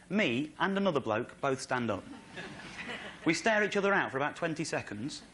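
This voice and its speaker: An English man telling a story on stage as a stand-up comedian, excitable, with incredulous outbursts. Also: a little fast, breathy edge. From England. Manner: excitable, builds to incredulous high-pitched outbursts. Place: stage in front of a live audience.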